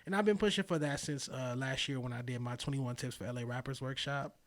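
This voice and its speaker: A man, a podcast guest talking in a casual, thoughtful way with many pauses and fillers. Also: medium pitch. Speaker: podcast guest, magazine founder. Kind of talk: casual interview chat.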